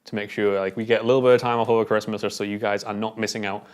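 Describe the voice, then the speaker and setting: A British man co-hosting a casual film review, animated and quick to laugh. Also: on the low side. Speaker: film podcast co-host.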